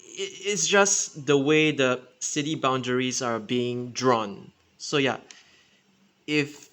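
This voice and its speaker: Bright-voiced rambling Singaporean man. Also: medium pitch. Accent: Singaporean English. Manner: rambling, filler-heavy, self-correcting. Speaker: transit enthusiast channel host. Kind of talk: unscripted casual explainer.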